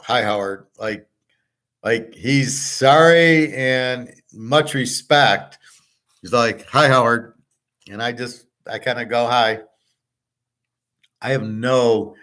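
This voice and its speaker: A man's voice: medium pitch, fairly bright tone. A middle-aged man hosting a live stream, ranting bluntly and swearing often in a casual monologue. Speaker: host of a live show.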